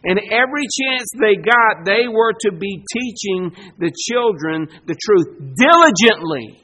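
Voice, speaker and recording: Guy preaching, pretty high voice, dramatic, acts out the quotes loud. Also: measured pace. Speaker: pastor. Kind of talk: sermon.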